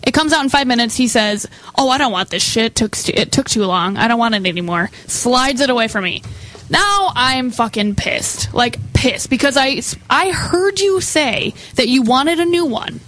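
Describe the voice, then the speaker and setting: A young woman telling an animated, swear-filled story about a rude customer at her bar job, laughing now and then. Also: fairly high pitch, moderate pace. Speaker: bartender or server telling a story. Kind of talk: casual storytelling chat.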